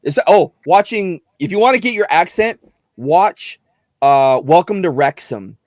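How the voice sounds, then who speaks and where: A man who works as a voice actor, chatting casually as a podcast guest in an animated, thinking-aloud way. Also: high voice, unhurried, no echo, studio quality.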